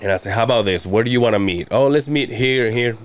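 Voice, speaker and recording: A man's voice: medium pitch, fast. Profane rambling man telling a story. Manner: rambling, profane, quotes people in animated voices. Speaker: podcast guest telling a story. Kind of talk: casual storytelling chat.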